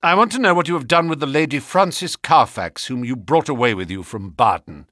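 A man's voice: mid-range voice, lively intonation, a bit bright, no room sound, clean studio sound, voice pushed up. A man doing a firm, commanding detective. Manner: brisk and firm.

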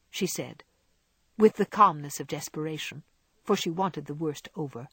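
Husky-voiced woman reading a classic story. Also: sits low, normal speed, no echo. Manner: expressive, varied reading. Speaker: audiobook narrator. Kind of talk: storybook narration.

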